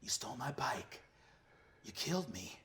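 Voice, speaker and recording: A man voicing a smug, menacing greaser demon who speaks in a low, hushed drawl. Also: sing-song, moderate pace, background noise, close to an everyday voice.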